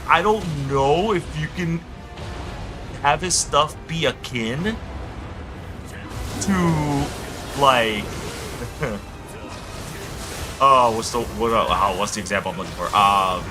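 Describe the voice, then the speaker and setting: A young man streaming a game, rambling excitably as he tells stories and chats. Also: medium pitch, slow, pauses often, over music. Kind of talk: casual gameplay chat.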